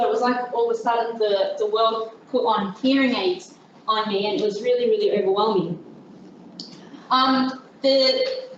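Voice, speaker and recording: A woman's voice: fairly high pitch, far from the mic, a little hiss or hum. A young woman giving an informal talk to a group, chatty and self-deprecating with many fillers and restarts. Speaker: guest speaker. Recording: very echoey, dull room recording.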